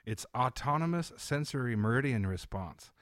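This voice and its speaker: A man's voice: medium pitch, expressive, moderate pace, fairly bright tone, no room sound, clean studio sound. A man who is a podcast guest, talking in a loose, rambling, casual way and leaning on "like" as he goes. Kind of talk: casual chat.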